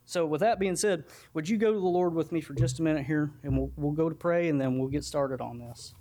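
Man preacher, fairly high voice, homespun and self-deprecating, church sermon. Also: a little fast, dark tone. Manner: folksy, self-deprecating, earnest. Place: church sanctuary.

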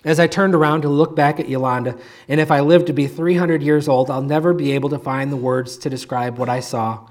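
With a slightly high voice and fairly even intonation, a pastor reads a moving story aloud in his sermon. He delivers it in a measured way, slowing and going hushed on the important phrases.

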